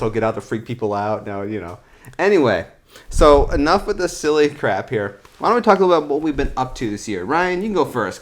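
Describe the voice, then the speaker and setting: A man's voice: on the low side, slight background noise. A man hosting a casual chat indoors, tossing out dry joking asides and steering the talk along. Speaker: host. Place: indoors, sitting on a futon.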